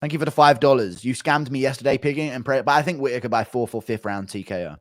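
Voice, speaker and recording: A man's voice: medium pitch, quick pace, no room sound, clean studio sound. A man streaming, reading out donations in a blunt, profane, rambling way. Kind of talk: casual chat reading donations.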